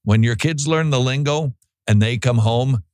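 A man's voice: medium pitch, moderate pace, dry recording. Male show host, biting sarcastic commentary, dry close studio sound. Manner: sarcastic, mocking, animated. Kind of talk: opinionated commentary.

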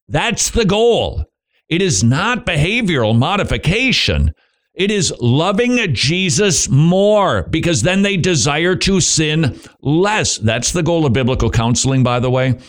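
An emphatic male radio host preaches on parenting, firing off rhetorical questions. He talks in quick bursts with a mid-pitched, everyday voice.

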